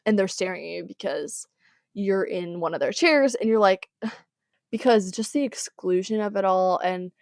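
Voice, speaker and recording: A woman's voice: medium pitch, no room sound, studio quality. A teenage girl hosting a podcast, giving casual advice in a chatty, rambling way with sighs and exasperated asides. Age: teens. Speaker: podcast host.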